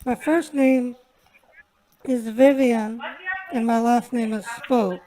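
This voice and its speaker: A woman scambaiter chatting on a live stream and then making a prank call, talkative and quick to laugh. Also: fairly high pitch, steady tone, mellow, poor audio.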